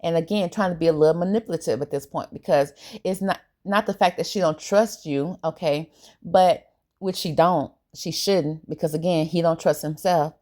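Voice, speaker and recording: A woman giving a casual, opinionated recap of a reality TV episode, animated and colloquial. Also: lowish voice, normal speed. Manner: animated, opinionated, briefly acts out quoted lines; relaxed colloquial grammar.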